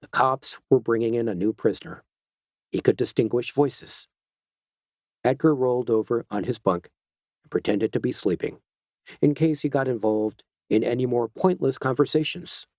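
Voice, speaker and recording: A man narrates an audiobook from a script in a measured, even storytelling voice. His pitch is mid-range, and the recording is dry with clean studio sound.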